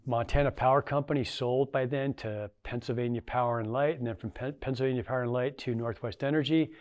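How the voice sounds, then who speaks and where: A man's voice: mid-range voice, steady tone, a little fast, darkish tone. A middle-aged man, a former tribal council member, giving a casual storytelling talk to an audience, folksy and anecdotal with lots of fillers.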